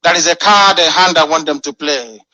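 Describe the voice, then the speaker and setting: A man's voice: a little high, fairly quick, pushed and bright, rough recording. A man delivering a fiery, scornful radio address full of rhetorical questions. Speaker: radio broadcaster.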